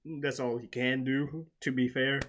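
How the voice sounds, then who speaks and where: A man's voice: mid-range voice, flat delivery, unhurried, a bit bright. A man hosting a casual recap chat, laughing often and swearing freely as he retells episodes. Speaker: podcast host.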